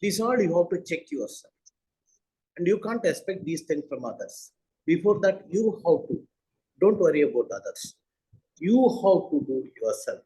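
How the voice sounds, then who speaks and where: A man's voice: fairly high pitch, sing-song, moderate pace, dark tone, low-quality recording. An older man, giving a webinar talk as a university founder, earnestly repeating phrases for emphasis. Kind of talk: speech at a webinar.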